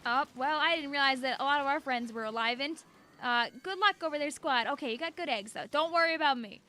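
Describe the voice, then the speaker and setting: A chatty young woman talks while streaming a game, her voice high and bright. She rambles in a bubbly, casual way and laughs often. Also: fairly quick. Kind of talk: casual gameplay chat.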